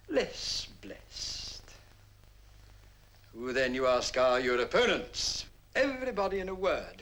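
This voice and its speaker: A smug lecturer with a sly, theatrical delivery. His pitch swoops widely as he slowly draws out each phrase. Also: fairly bright tone, heavily acted, poor audio. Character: smug older male lecturer on one-upmanship. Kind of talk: 1950s film acting.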